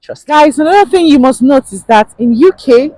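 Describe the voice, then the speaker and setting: A woman's voice: high voice, lively intonation, moderate pace, darkish tone, no echo, rough recording. A woman with a Nigerian accent giving casual advice in a chatty vlog, laughing often and repeating points for emphasis. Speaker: vlogger.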